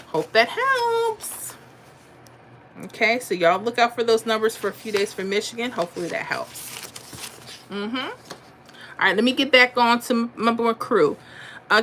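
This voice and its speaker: A woman hosts a lottery livestream, chatting as she reads out viewer comments and thinks aloud about number patterns. Her mid-range voice sounds pushed and bright, with a little hiss or hum in the audio.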